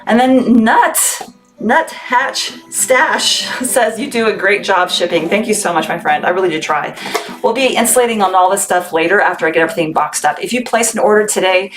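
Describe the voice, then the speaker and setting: A woman's voice: medium pitch, animated, normal speed, soft background music. A woman from Texas running a live-stream sale for her candy shop, upbeat and chatty, thanking viewers by name as she talks. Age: adult, military veteran. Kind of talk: live-stream sales chat.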